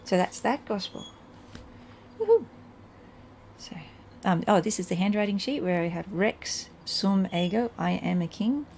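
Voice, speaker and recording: Middle-aged woman, warm dark tone, talks her way through a Latin reading with a home teacher's easy chuckle. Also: medium pitch, moderate pace, few pauses, slight background noise. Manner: thinks aloud, chuckles at own slips. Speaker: channel host reading Latin scripture. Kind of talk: casual home lesson, reading Latin and translating.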